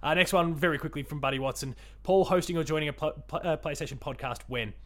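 A man's voice: on the high side, quick pace. A man hosting a casual gaming podcast, talking in a rambling, chatty way with frequent restarts. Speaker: podcast host.

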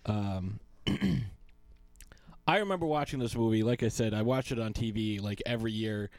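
A man's voice: lowish voice, fast, darkish tone, no room sound. Rambling playful male podcast co-host. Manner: rambling, playful, slips into snooty impressions. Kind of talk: casual chat.

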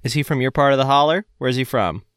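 A man's voice: mid-range voice, fast talker, a bit bright, smooth, dry recording, studio quality. A man from northern Florida with a Southern accent, hosting a podcast in casual, joking chat full of fillers. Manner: rambling, joking, many fillers. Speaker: podcast host.

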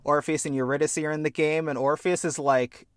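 A young man with a slightly higher voice rattles on in casual, enthusiastic podcast chat and swears freely. The sound is dry and close. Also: steady tone, brisk, no echo. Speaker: podcast host.

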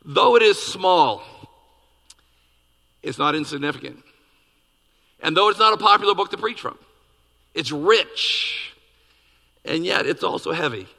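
A man preaching a sermon as pastor, animated and acting out quoted dialogue with big swings in his voice. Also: fairly high pitch, a little slow, vocal fry, pauses often. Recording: long reverb of a hall.

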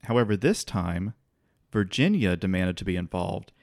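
In a clean, echo-free studio recording, this podcast co-host relates a piece of history in a low voice at a moderate pace. He keeps it easygoing, with occasional restarts and a laugh here and there.

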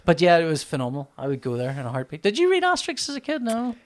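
A man in his thirties, an animated storyteller who acts out his own reactions, laughs often and swears in casual chat. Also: fairly high pitch, very fast.

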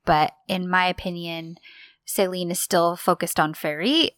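A woman's voice: fairly low pitch, steady tone, unhurried, a bit bright, no room sound. A woman co-hosting a casual podcast, recapping a TV series, laughing often and acting out quotes. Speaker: podcast co-host.

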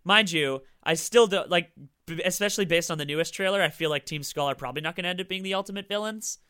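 Man, bright clear voice, casual podcast chat, enthusiastic, dry sound. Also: high voice, dry recording. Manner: fast, enthusiastic, swears casually.

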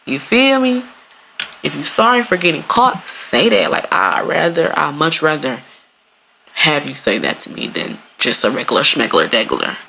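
A podcast host in a casual solo monologue, animated and swearing freely, often laughing and acting out quoted lines in playful voices. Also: mid-range voice, moderate pace, gravelly, slight background noise.

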